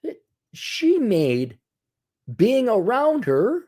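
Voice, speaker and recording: A man's voice: high-pitched, big pitch swings, a little slow, a little mellow. A man hosting a solo commentary monologue, lecturing in a sarcastic, mocking way. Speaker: commentary channel host.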